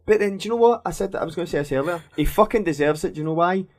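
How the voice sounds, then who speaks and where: A man's voice: high-pitched, very fast. A man with a Scottish accent, co-hosting a podcast, blunt and argumentative in casual banter. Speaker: podcast co-host.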